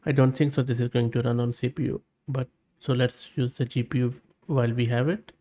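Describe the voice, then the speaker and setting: A man at a middle pitch talks through a screen-recorded tutorial. He narrates each step as he goes and reads his prompts and the results aloud. His verdicts come out upbeat and plain-spoken. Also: level tone, a little fast, warm tone. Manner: thinks aloud while testing, reads prompts and outputs aloud. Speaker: tech channel host.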